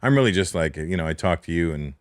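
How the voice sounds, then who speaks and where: Male comic guest, very deep voice, rapid confident patter, dry close sound. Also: lively intonation, dry recording. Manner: quick, confident, offhand talk. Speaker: stand-up comedian guest. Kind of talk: casual chat.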